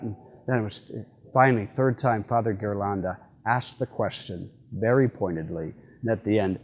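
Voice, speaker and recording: A middle-aged man, a priest, giving a homily in a church with relaxed, folksy storytelling and frequent fillers. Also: medium pitch, normal speed, dull audio. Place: church sanctuary.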